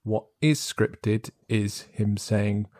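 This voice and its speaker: Guy on a podcast, kinda low and mellow, dry close mic, going into the details. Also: drawn-out words, no room sound. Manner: thoughtful, detailed, reads quotes from scripts. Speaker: podcast co-host. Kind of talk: casual discussion.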